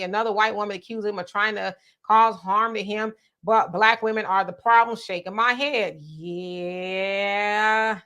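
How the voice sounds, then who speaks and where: A woman's voice: fairly high pitch, pushed and bright. A woman hosting a livestream, reading viewer comments aloud and greeting chatters by name in a conversational way. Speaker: livestream host. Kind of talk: live chat discussion, reading viewer comments.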